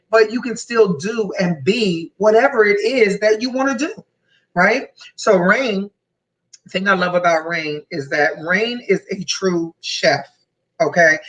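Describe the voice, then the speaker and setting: A woman hosts a motivational talk show, her voice bright and forceful. She talks in an animated, playful way, teasing and encouraging as she goes. The mic sits a little away from her. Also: medium pitch, far from the mic, low-quality recording. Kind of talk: casual motivational chat.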